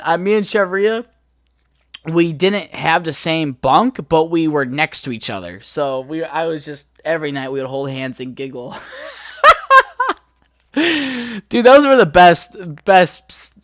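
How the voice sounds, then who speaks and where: A man's voice: on the high side, lively intonation, measured pace, no echo, clean studio sound. A young man hosting a podcast, telling a rambling story in a laid-back, profane way full of fillers. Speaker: podcast host. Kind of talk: casual storytelling.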